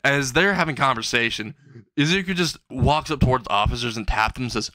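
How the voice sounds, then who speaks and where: A man's voice: mid-range voice, a little fast, bright, forceful tone, slight background noise. A man improvising a comedic fan story, narrating in a rambling way and chuckling between lines.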